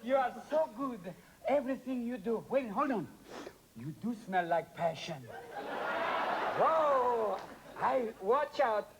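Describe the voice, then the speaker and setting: A man's voice: expressive, slow pace, a crowd in the background, full character voice, rough recording. A man playing a pushy Italian pizza delivery man and paparazzo, talking in a put-on Italian accent. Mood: gushing. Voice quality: frantic, high-pitched, wheedling. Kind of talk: improvised comedy. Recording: studio audience, loud ambience.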